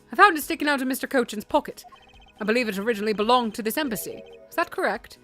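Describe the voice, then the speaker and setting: A woman voicing a composed, formal male prosecutor who speaks in a polite, measured way. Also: on the high side, lively intonation, fairly bright tone, faint music behind.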